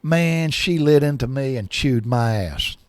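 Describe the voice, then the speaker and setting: A man's voice: medium pitch, a little slow, no room sound. A man in his sixties telling a personal story in a folksy, rambling way, often repeating himself.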